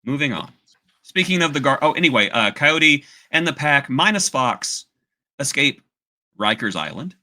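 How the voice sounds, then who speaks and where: A man's voice: medium pitch, big pitch swings, normal speed, pushed and bright. An American man hosting a podcast, recapping a cartoon in a playful, laughing casual chat. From United States. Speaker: podcast host.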